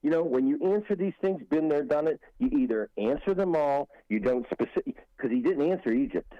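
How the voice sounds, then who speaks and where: A man's voice: a little high, lively intonation, fairly quick, no echo, dull audio. A man guest on a talk radio show giving rambling political commentary with frequent restarts and emphatic asides.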